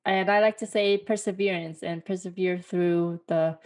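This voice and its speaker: A woman co-host with a somewhat low voice, speaking in a casual podcast chat. She talks in an encouraging way, with small fillers and pauses. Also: fairly even intonation, a little mellow. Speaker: podcast co-host, sonography student.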